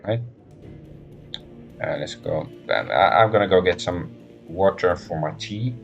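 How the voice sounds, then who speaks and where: A man's voice: sits low, animated, normal speed, vocal fry, dull audio, soft background music. A man streaming a role-playing game, muttering hesitant thoughts aloud as he plays. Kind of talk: let's-play commentary.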